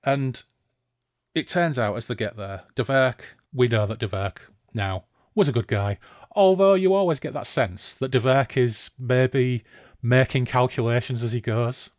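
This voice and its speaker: A man's voice: mid-range voice, a little slow, a little mellow, dry recording, clean studio sound. A man hosting a casual podcast discussion of a fantasy novel, who talks enthusiastically and thinks aloud.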